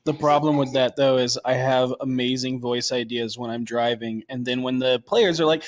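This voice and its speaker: A man with a medium-pitched voice, speaking casually and poking fun at himself. His delivery stays conversational and easygoing. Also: moderate pace, few pauses. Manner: self-deprecating. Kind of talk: casual chat.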